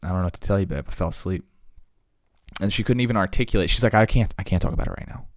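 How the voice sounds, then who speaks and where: A man's voice: sits low, very fast, no echo. A man talking casually, rambling through stories with lots of fillers and asides.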